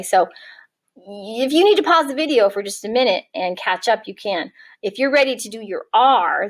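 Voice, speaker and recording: A woman teaching a kindergarten writing lesson, encouraging and spelling words out slowly for young children. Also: medium pitch. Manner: warm, encouraging, slow-spelling teacher talk. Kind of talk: early-years writing lesson.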